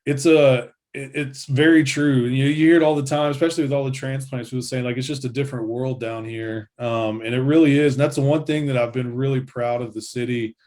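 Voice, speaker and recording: A man guesting on a casual interview, relaxed and rambling, with lots of "like" and restarts. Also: mid-range voice, brisk, few pauses.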